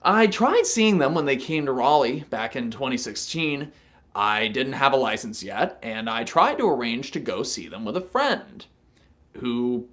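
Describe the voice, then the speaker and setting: Chatty young man with a lively voice. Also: medium pitch. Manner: chatty, swears freely, laughs at his own jokes. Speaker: live stream host. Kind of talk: casual live stream chat.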